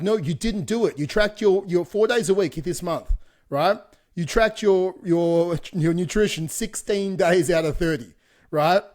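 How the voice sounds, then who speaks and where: A man's voice: a little high, a little mellow. A man co-hosting a fitness podcast, talking bluntly in casual chat and swearing freely. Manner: blunt, swears freely, laughs between points. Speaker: podcast co-host, fitness coach.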